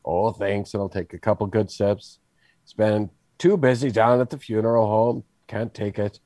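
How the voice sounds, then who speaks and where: A man's voice: fairly low pitch, normal speed, dark tone, no echo, close to an everyday voice. A man voicing a weary, folksy village coffin maker in a wobbly put-on Scottish accent.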